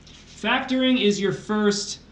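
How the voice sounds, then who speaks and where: A man's voice: high voice, takes it slowly, fairly bright tone, slight background noise. A man tutoring test prep on a livestream, working through math problems aloud with playful asides. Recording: roomy echo.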